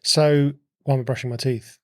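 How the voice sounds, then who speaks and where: A man, a guest on a podcast, explaining things in a relaxed chat by asking rhetorical questions and often repeating words as he thinks. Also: medium pitch, moderate pace, no room sound, clean studio sound. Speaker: podcast guest, host's husband. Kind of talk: casual conversational explaining.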